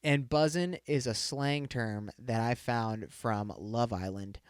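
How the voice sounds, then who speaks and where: A man's voice: medium pitch, slow, hardly any pauses, clean tone, no room sound, clean studio sound. Rambling twenty-something man saying "dude". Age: 20s. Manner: rambling, swears a lot, says "dude" often. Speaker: podcast host. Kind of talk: casual solo podcast chat.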